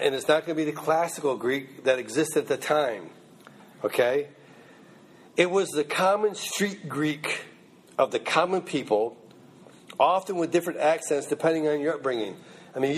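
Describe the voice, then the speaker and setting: A man's voice: fairly high pitch, breathy edge. A man teaching a Bible class in a loose, conversational way, often checking in with his listeners. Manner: conversational, checks in with "okay?" and "you know what I mean?". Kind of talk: informal Bible class lecture.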